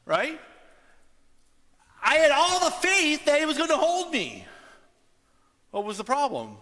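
Male pastor, high bright voice, casual preaching style, long hall echo. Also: sing-song, unhurried. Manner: conversational, checks in with "right?" often. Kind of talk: sermon.

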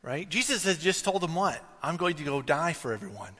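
A man gives a sermon in a relaxed, storytelling way, his voice fairly high and bright. He lifts into emphatic, pressing questions when he drives a point home. A long reverb from the church hall trails each phrase. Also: fairly quick. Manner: conversational, rises to emphatic questions. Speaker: pastor.

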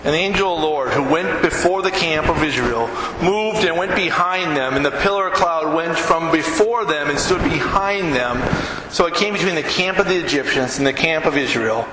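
A man preaches with a fairly high voice, emphatic and animated, and often acts out the scenes he describes. His voice rings through a large, reverberant church hall over a steady background hiss. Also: normal speed, hardly any pauses. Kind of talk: sermon. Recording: echoey hall with background noise.

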